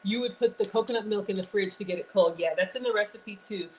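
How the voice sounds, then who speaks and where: A woman's voice: mid-range voice, quick pace, slight background noise, rough recording. A woman, chatting casually to viewers as she runs a live cooking demo. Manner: chatty, talks straight to viewers. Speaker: cooking live-stream host.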